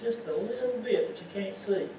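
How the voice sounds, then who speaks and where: At normal speed, in a high but dark-toned voice, the man preaches a homespun lay sermon, continually asking the congregation questions. Recorded from a distance in the church sanctuary, the audio is echoey and muffled with slight hiss or hum.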